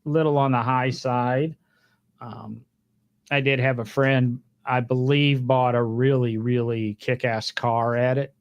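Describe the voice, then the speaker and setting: A man's voice: mid-range voice, dry recording. A man co-hosting a podcast, chatting casually in a rambling way with fillers and joking asides. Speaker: podcast co-host. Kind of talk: casual chat.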